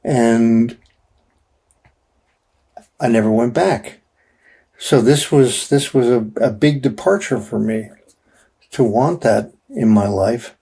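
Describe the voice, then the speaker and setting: An older man telling his personal story as an interview guest, halting with many restarts and fillers. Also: medium pitch, creaky, mellow, breathy edge.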